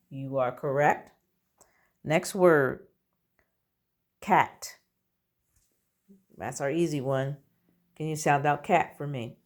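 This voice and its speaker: A woman's voice: sits low, slow, pauses often. A woman teaching a phonics lesson to young children, patiently sounding out letters and words. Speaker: kindergarten teacher.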